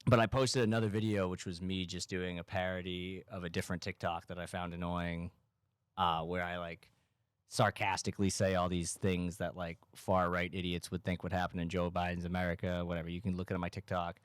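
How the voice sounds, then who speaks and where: A man from Massachusetts hosting a casual comedy podcast, rambling in a deadpan, ironic way with lots of "like". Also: low-pitched, fairly quick, clean tone, no echo, clean studio sound. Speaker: podcast host.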